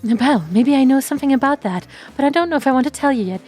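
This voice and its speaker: A woman's voice: sits high, lively intonation, fast, a little mellow, slightly rough, soft background music. Woman reading as a teasing axe killer. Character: menacing axe-wielding female killer, teasing.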